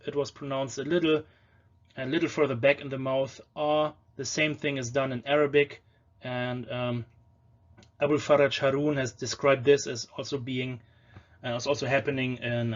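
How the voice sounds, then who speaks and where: Male lecturer, mid pitch, patient explainer who slows to sound out words; slightly dull lo-fi recording. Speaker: language lecturer. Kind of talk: educational lecture on pronunciation.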